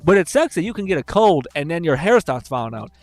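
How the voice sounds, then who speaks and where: A man's voice: on the high side, sing-song, quick pace, no room sound. A young man streaming, rambling and swearing casually while reading chat, laughing often.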